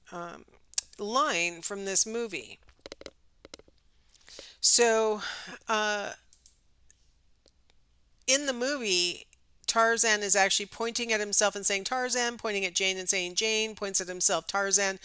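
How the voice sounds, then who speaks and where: Woman lecturing, bright and crisp. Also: mid-range voice, slow, long pauses, no room sound. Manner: conversational, many ums and rhetorical "right?". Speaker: psychology instructor. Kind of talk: recorded lecture.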